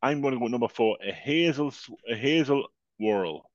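A man co-hosting a comedy podcast, delivering dry, deadpan one-liners. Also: medium pitch, normal speed, no room sound, lo-fi sound. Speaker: podcast co-host. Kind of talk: casual comedy podcast chat.

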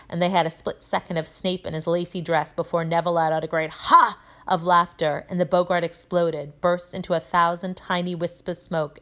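A woman teacher reading a children's novel aloud, telling it in a lively way with voices for the characters. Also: low-pitched.

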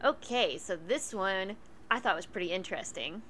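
A bright, clear-toned American woman co-hosting a chatty podcast, animated, quick to laugh and curse. A faint hiss sits under her voice. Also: medium pitch. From United States. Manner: animated, swears freely, laughs often. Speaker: podcast co-host. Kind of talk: casual chat and storytelling.

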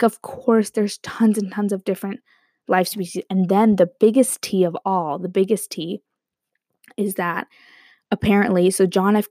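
A young woman casually telling a rambling story to her viewers, animated and quick to laugh. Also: medium pitch, dry recording, studio quality. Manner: animated, rambling, breaks into quoted voices and laughs.

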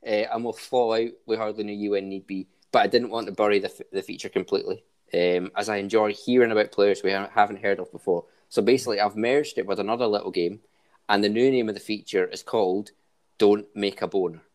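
Man hosting a podcast, lowish voice. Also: fairly even intonation, fast talker, darkish tone. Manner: upbeat, running a quiz. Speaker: podcast host. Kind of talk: casual chat.

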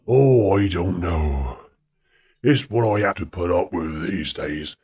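A man's voice: expressive, a little mellow, heavily acted. A man playing a kind, courteous French village doctor in an amateur audio drama. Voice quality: very husky, slow and low. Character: kindly old-fashioned male village doctor, French. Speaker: doctor character.

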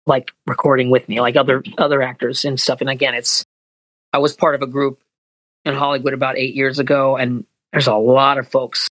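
A man's voice: medium pitch, level tone, brisk, fairly bright tone, dry recording, poor audio. A man, a voice actor, chatting in an interview, rambling and earnest with many restarts. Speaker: voice actor guest. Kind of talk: casual interview chat.

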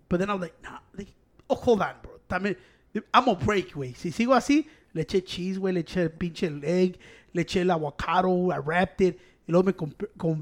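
A young man with a high voice for a man. He talks in loose, rambling casual chat. He swears a lot and drifts back and forth between Spanish and English.

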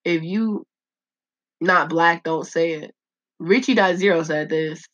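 Blunt, low-voiced woman podcaster, lo-fi. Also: slow pace, no echo. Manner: blunt, profane, animated, laughs often. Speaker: podcast host. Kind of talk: casual solo podcast reading listener answers. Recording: dull lo-fi voice recording.

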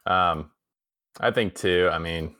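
A man co-hosting a podcast, speaking in a hesitant, halting way in casual chat. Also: sits low, bright, forceful tone, no echo, clean studio sound.

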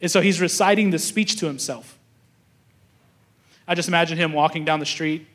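A man's voice: on the high side, moderate pace, a bit bright. A young adult man, a pastor preaching a sermon, telling stories casually and acting out the thoughts of the people in them. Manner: storytelling, acts out quoted thoughts, restarts often.

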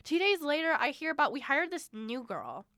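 A young woman, telling a work story in casual chat, animated and swearing freely. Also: high-pitched, moderate pace, dry recording.

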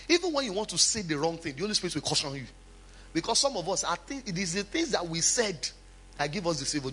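Male pastor, sermon. High, husky-edged voice that swings widely in pitch; emphatic, conversational preaching. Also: quick pace. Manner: preaching with lively emphatic swings, chatty asides.

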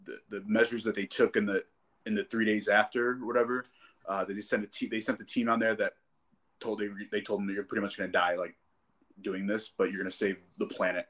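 A man with a somewhat low voice talks loosely on a podcast with friends. He rambles, stumbles and restarts his sentences as he goes. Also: little pitch movement, a little fast, fairly bright tone. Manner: rambling, restarts, laughs easily. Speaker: podcast co-host. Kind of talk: casual chat.

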